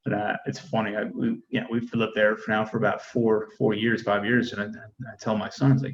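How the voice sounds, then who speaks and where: A man's voice: lowish voice, little pitch movement, a little fast. A middle-aged man, an Army sergeant, talking candidly about family life in a rambling way with frequent restarts. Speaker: Army first sergeant, guest. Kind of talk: casual conversation. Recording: dull, lo-fi sound with faint noise.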